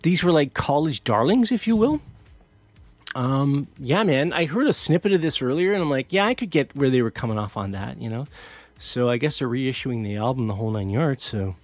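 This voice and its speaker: A middle-aged man hosting a music show tells a rambling, self-mocking story full of restarts in a casual monologue. His medium-pitched voice is animated and moderately paced, and there's no room sound.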